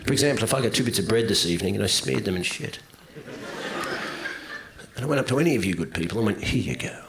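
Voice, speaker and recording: Gravelly male comic, animated ranter, noisy live recording with crowd laughs. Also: quick pace. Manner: profane, ranting, swings from low mutter to loud outburst. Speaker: stand-up comedian. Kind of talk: stand-up routine.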